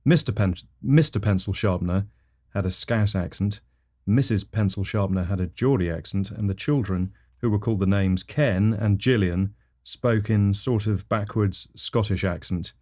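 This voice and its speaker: A man hosting a comedy podcast, telling rambling absurd stories in a deadpan, matter-of-fact way and sometimes correcting himself mid-line. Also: on the low side, moderate pace. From England.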